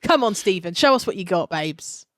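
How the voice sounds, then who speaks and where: A woman's voice: mid-range voice, animated, normal speed, fairly bright tone, no room sound, studio quality. A young woman co-hosting a podcast, chatting casually with enthusiastic, jokey reactions. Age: young adult. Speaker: podcast co-host. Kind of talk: casual chat.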